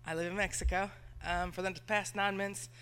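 A woman speaks to a church congregation. Her voice is bright and sharp. She talks in a nervous, chatty way and laughs often. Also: medium pitch, flat delivery, moderate pace, clear, resonant tone. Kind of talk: nervous personal testimony in church. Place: church sanctuary.

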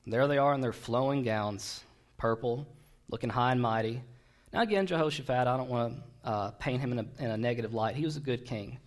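A man's voice: mid-range voice, brisk. A man preaching a sermon, retelling a Bible story in a conversational, digressive way with wry asides.

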